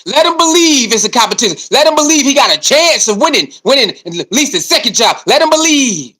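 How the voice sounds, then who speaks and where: A sports commentator with a very high voice talks fairly quickly with hardly any pauses, captured in poor audio. His rant is heated and mocking, and he animatedly mimics coaches and others in asides.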